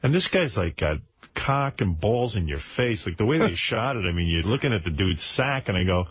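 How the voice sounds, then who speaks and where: A husky man hosts a radio show, his voice swinging animatedly through blunt, self-mocking banter. The sound is close and dry, with the dull, lo-fi edge of broadcast audio. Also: fairly low pitch, big pitch swings, normal speed, no room sound. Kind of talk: crude comic radio banter.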